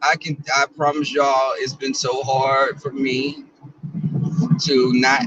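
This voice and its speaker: A man's voice: medium pitch, little pitch movement, takes it slowly, a bit bright, recorded from a distance, highs cut off, slight background noise. Chatty man in a car. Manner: chatty, bawdy and playful, talks to viewers and reads out their comments. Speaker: vlogger. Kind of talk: casual chat to viewers while driving.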